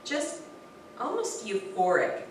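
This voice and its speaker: A woman telling an informal personal story to a spiritual gathering. She is animated, often restarts sentences and uses many fillers. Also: on the high side, takes it slowly. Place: hall of a spiritual center. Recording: very echoey room from far off with faint noise.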